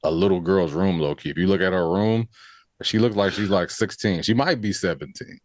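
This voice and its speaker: Podcast co-host, man, very deep voice, easygoing slangy talk, dry sound. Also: brisk, dry recording. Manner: relaxed, loose slang, fillers like "you know what I mean". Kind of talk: casual review chat.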